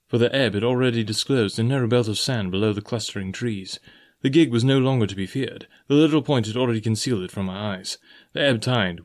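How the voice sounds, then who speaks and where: Man narrating a storybook. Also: mid-range voice. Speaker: audiobook narrator.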